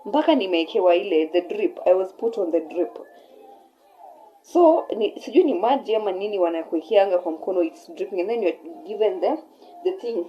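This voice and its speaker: A young adult woman vlogger with a Kenyan accent tells a personal story casually and with animation, switching between English and Swahili mid-sentence. Her voice is medium in pitch and fairly quick, and the audio sounds dull.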